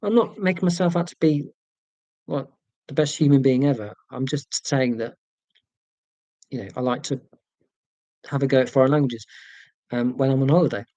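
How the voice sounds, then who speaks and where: A man's voice: mid-range voice, moderate pace, pauses often, mellow, dry recording, dull audio. A man hosting a casual livestream from home, reading viewer comments in a chatty, rambling, self-deprecating way. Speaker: YouTube channel host.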